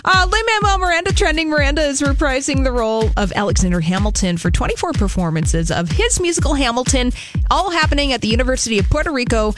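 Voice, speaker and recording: Woman reading trending headlines on the radio, kinda high voice, brisk, faint music underneath. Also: animated. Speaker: radio show news reader.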